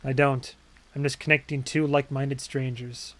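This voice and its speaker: A man's voice: medium pitch, little pitch movement, moderate pace, fairly bright tone, lightly acted. A man voicing a laid-back, friendly young male raccoon detective in a game. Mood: easygoing.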